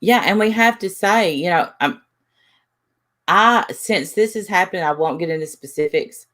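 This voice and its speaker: A woman hosting a casual livestream chat, talking haltingly with many restarts and reading out names from the chat. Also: lowish voice, fairly bright tone. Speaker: livestream host.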